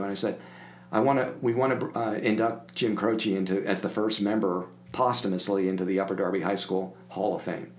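An older man from the Philadelphia area, a guest telling animated stories and acting out the people in them. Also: lowish voice, brisk, slight background noise. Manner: animated anecdote-telling, acts out quoted voices. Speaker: podcast guest. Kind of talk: casual storytelling.

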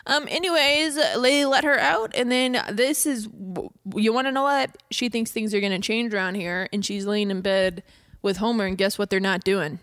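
A woman's voice: mid-range voice, fairly even intonation, moderate pace, a bit bright, no room sound, studio quality. A woman co-hosting a podcast, chatting casually and jokingly, swearing and quoting scenes. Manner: joking, profane, recounting scenes with quoted voices. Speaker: podcast co-host. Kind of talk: casual chat.

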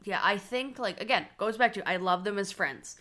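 A woman's voice: medium pitch, normal speed, sharp tone. A woman co-hosting a podcast, chatting casually and recapping scenes. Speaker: podcast co-host. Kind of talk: casual chat.

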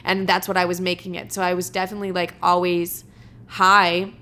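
A woman's voice: fairly low pitch, flat delivery, fairly quick, pushed and bright. A young woman vlogger speaking candidly to her viewers, casual and full of filler words and swearing. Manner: casual, swears often, heavy use of "like". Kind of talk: candid personal storytelling to camera.

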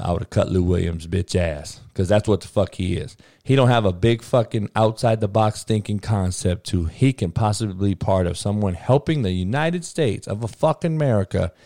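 A man's voice: low-pitched, vocal fry, warm tone, no room sound, clean studio sound. A man hosting a podcast, delivering a heated, combative sports rant full of cursing. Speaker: podcast host.

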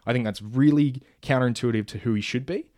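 A man in casual chat pitching a film idea, rambling with many fillers and restarts, now and then acting out characters' lines. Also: fast, a little mellow, no echo, clean studio sound.

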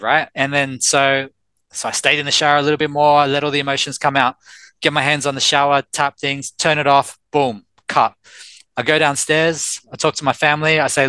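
An Australian man in his thirties, a life coach telling his own story in a candid, animated way with quoted dialogue. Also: on the high side, brisk, clear, resonant tone, no echo, poor audio. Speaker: life coach and personal trainer, guest. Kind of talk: casual storytelling in an interview.

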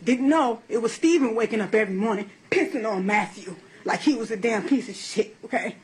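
A woman's voice: fairly high pitch, lively intonation, fairly quick, breathy edge, rough recording. Blunt woman testifying in court. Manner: blunt, profane, emotional storytelling. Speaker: defendant in court.

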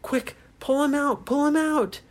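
Brief: woman putting on a high, eager little boy hero for a bedtime story. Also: lively intonation, a little slow, slightly rough. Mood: urgent. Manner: urgent, loud and high. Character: excited little boy captain.

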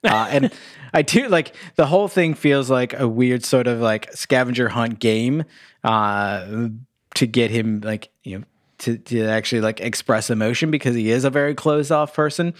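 A man of middle pitch co-hosts a casual movie review podcast. He talks in a relaxed, reflective way and leans on loose fillers. The recording is dry and close. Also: moderate pace, dry recording. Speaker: podcast co-host.

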